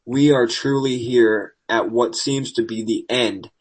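A man's voice: medium pitch, steady tone, a little slow, slightly rough, low-quality recording. A man hosting a podcast, reading wrestling news with sarcastic asides, losing his voice. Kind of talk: casual news commentary.

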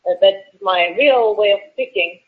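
A woman in her late twenties from Russia with a Russian accent, a wrestler answering interview questions earnestly with halting fillers, heard over a tinny phone line. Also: medium pitch. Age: late 20s. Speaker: professional wrestler guest.

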